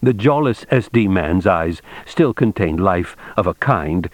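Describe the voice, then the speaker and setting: A man narrating an audiobook in a steady, measured reading. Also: low-pitched, dry recording.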